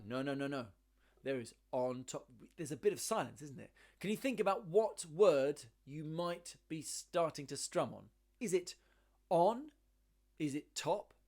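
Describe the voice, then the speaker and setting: A man's voice: fairly high pitch, a little mellow. A man teaching a ukulele lesson, encouraging, counting beats aloud and singing along. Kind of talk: online music lesson.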